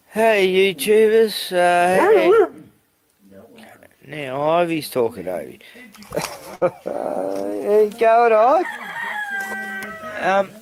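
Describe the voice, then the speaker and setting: A man's voice: sits high, vocal fry. Sweary man ranting outdoors. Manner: sweary, ranting, yells at roosters, coos to his dogs. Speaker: vlogger. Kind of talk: casual outdoor rant to camera. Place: outdoors in a rural yard.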